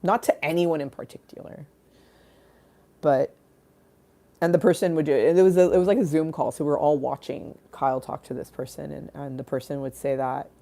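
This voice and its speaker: A woman's voice: low voice, fairly even intonation, a little fast, creaky, mellow. A woman hosting a livestream in casual chat, rambling and candid, laughing often and swearing freely. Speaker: livestream host.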